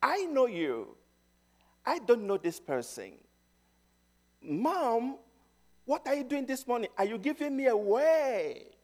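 A man's voice: very high voice, sing-song, slow, pauses often, pitched above the performer's own voice, full character voice. A man putting on a bewildered little girl. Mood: pleading. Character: small bewildered girl, pleading with her parents.

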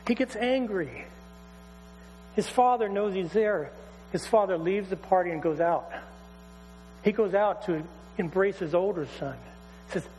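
High-voiced preacher telling a story. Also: male voice, a little slow, pauses often. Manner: conversational, animated retelling. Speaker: pastor. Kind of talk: sermon storytelling. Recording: hall reverb, faint mains hum.

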